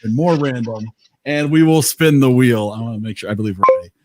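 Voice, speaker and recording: A man's voice: mid-range voice, fast, darkish tone, no echo. A man hosting a casual online movie night, chatting with lots of fillers and laughs. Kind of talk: casual group chat.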